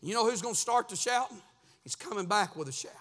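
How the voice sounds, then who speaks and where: A man preaching a sermon in a church, in a sing-song cadence that swings from hushed to shouting. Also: sits high, lively intonation, quick pace. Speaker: pastor. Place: church sanctuary.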